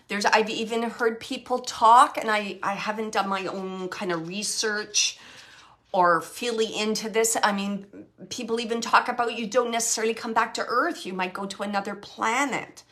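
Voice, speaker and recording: A middle-aged woman chats casually on a live stream. She rambles and corrects herself often, in a reassuring tone with a middle-pitched voice. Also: a bit bright. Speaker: medium hosting a live chat. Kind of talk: casual live-stream chat answering viewer comments.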